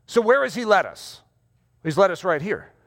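A man preaching a sermon to a congregation in a conversational, animated way. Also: high voice, normal speed, creaky. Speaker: pastor. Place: church hall before a congregation. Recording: long hall reverb.

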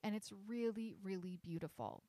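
A woman's voice: medium pitch, moderate pace, warm tone, dry recording. A woman hosting her own podcast, earnestly explaining her coaching sessions with frequent "like" and small restarts. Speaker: podcast host and intuition coach.

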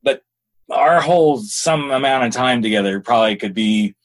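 A middle-aged man hosting a podcast, chatting candidly and telling stories in a casual, expressive way. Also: mid-range voice, moderate pace. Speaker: podcast host.

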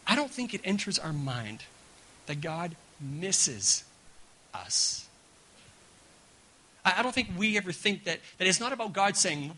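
A man preaching a sermon at a church gathering, talking in an animated way and stumbling over repeated words. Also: sits high, moderate pace, poor audio. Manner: animated, repeats words, keeps asking "right?". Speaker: guest pastor.

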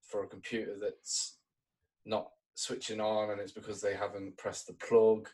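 A man who works in IT support, chatting casually and sounding relaxed and amused. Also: fairly low pitch, normal speed, poor audio. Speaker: IT support worker. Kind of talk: casual podcast chat.

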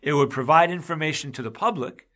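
A man's voice: on the high side, quick pace, a bit bright. A man hosting a podcast in casual talk, emphatic and getting heated, with frequent restarts. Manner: emphatic, gets heated and raises his voice. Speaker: podcast host. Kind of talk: casual chat about law.

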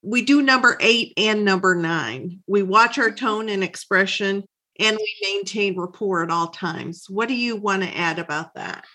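A woman's voice: medium pitch, moderate pace, sharp tone. A woman hosting an interview, talking in a reflective, affirming way and wrapping up the conversation. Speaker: podcast host.

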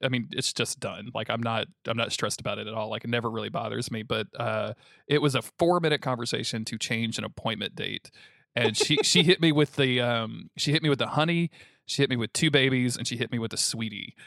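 A man's voice: medium pitch, fairly quick, vocal fry, fairly bright tone, dry recording, clean studio sound. A young adult man from the Southern United States co-hosting a podcast, telling stories casually and swearing freely. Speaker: podcast co-host. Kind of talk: casual chat.

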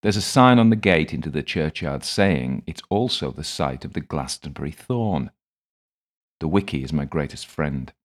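Very deep-voiced male storyteller. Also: normal speed. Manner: calm, dry and wry. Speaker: audiobook narrator. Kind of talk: first-person scripted story narration.

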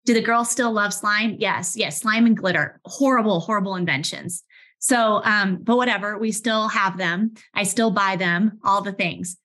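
A woman in her thirties, a head of HR, speaking conversationally in a webinar with lively anecdotes and frequent restarts. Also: mid-range voice, normal speed. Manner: animated, restarts often, vivid everyday anecdotes. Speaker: head of HR, session host.

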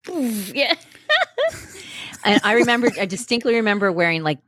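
A middle-aged woman co-hosting a podcast, chatting in an animated, joking way with laughs. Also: mid-range voice, brisk, no room sound, clean studio sound. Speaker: podcast co-host. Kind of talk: casual chat.

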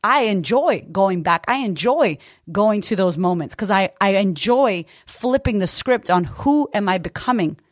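A woman podcast host delivers an impassioned motivational monologue at a middle pitch, with swearing and repeated phrases throughout. The recording is dry and close, with no room echo. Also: lively intonation, measured pace, hardly any pauses. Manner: emphatic, profane, repetitive.

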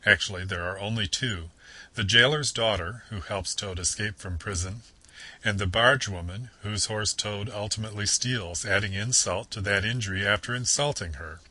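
A man giving a measured, formal scripted lecture on literature. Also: on the low side, pushed and bright, slightly rough, dry recording, poor audio.

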